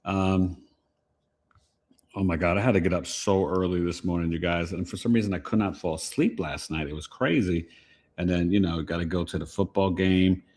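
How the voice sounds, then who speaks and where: Deep-voiced man hosting a casual livestream. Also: fairly even intonation, a little mellow. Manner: playful, slangy, rhyming asides; acts out quick quoted voices. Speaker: astrology livestream host. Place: home.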